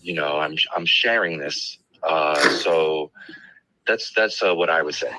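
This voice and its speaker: A man speaking as a guest author, reflecting thoughtfully with hesitant pauses and many fillers. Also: a bass voice, very noisy. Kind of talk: reflective conversation.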